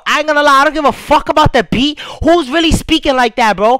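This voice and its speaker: A man's voice: extremely high pitch, brisk, hardly any pauses, fairly bright tone, dry recording, rough recording. A young man reacting to his own music video, rambling in casual chat with lots of "bro" and "you feel me", swearing freely.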